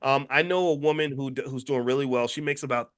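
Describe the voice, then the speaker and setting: A middle-aged man from Kentucky telling a personal story in casual commentary, animated and stumbling over his openings. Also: mid-range voice, fast talker. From Louisville, Kentucky. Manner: animated, repeats words when starting sentences.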